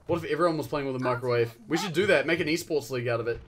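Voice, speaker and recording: A young man with a New Zealand accent, chatting casually and excitably while streaming a game, swearing and yelling at the action. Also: mid-range voice, very fast, slight background noise. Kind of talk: casual live-stream gameplay chat.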